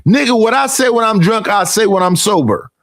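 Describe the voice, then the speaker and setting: Streamer, man in his 50s, gravelly and high, heated profane monologue, dry close mic. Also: expressive, fairly quick, fairly bright tone, dry recording. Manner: profane, emphatic and repetitive, mimicking others.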